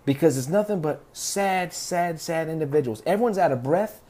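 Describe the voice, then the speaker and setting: A man's voice: on the high side, lively intonation, moderate pace, mellow, a little hiss or hum. A man hosting a podcast, telling stories in a rambling, profane, laid-back way. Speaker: podcast host. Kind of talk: casual rambling monologue.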